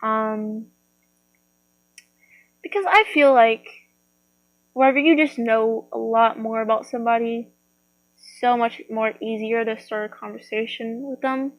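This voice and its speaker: A woman's voice: a little high, fairly even intonation, measured pace, pauses often, no room sound, low-quality recording. A woman chatting casually to her viewers, rambling with lots of fillers and restarts. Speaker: vlogger.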